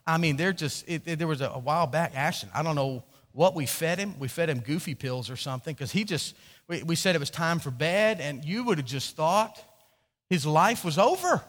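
A pastor delivers a sermon in a fairly high, slightly bright male voice, moving at a moderate pace. He tells stories with animation, acts out quotes, and frequently restarts his sentences, all under a long hall reverb.

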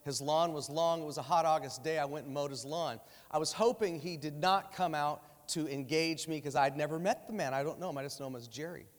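A male preacher delivering a lively sermon from the stage, his voice sitting a little high for a man. He tells stories and acts out the dialogue in changing voices. His voice rings out with a long reverb through the church sanctuary. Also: fairly quick, hardly any pauses. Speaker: guest preacher. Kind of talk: sermon with storytelling.

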